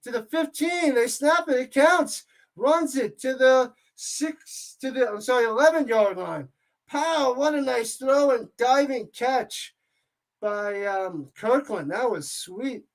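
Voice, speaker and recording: A man hosting a watch party, giving casual play-by-play commentary in a jokey, excitable way that rambles between plays and shouts on big plays. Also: very high voice, slow pace.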